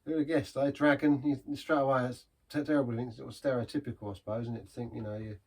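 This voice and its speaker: A man's voice: mid-range voice, flat delivery, quick pace, a little mellow, husky. A man giving a casual, rambling beer review in a pub, chatty and self-deprecating.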